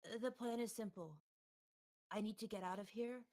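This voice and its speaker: A man's voice: high voice, moderate pace, a little mellow, natural voice. Woman voicing a nervous man freed from owl form. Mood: earnest.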